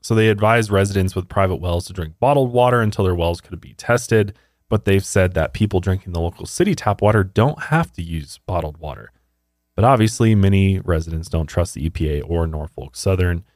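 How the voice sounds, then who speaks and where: A man with a very low voice talks as a podcast co-host, blunt and indignant, cursing freely. His sound is dry and close, with no room around it. He speaks in a casual, conversational way. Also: expressive, fairly quick, darkish tone, dry recording. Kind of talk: casual chat.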